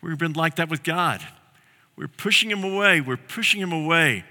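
A man preaching a sermon as pastor, telling a story earnestly and slowing down on key phrases. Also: a little high, animated, sharp tone, long reverb tail.

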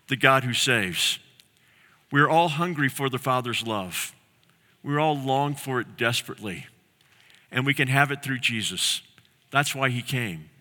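A man preaching a sermon as pastor, telling a story earnestly and slowing down on key phrases. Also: mid-range voice, sharp tone, in a large hall.

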